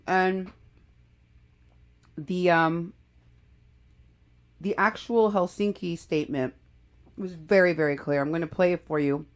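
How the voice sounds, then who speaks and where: A woman's voice: on the low side, fairly even intonation, slow pace, pauses often. A woman hosting a live political commentary show, talking emphatically and indignantly, often restarting her sentences. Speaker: show host.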